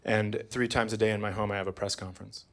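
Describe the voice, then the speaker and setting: A man doing stand-up comedy on stage, profane and sardonic, with dry deadpan asides. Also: on the low side, fast, crowd noise. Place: comedy stage before a live audience. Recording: live audience laughter throughout.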